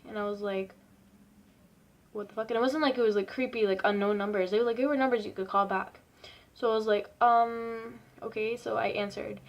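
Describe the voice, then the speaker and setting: Chatty young woman telling a story. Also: medium pitch. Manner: chatty, rambling, swears freely, lots of "like". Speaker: vlogger. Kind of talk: casual storytelling.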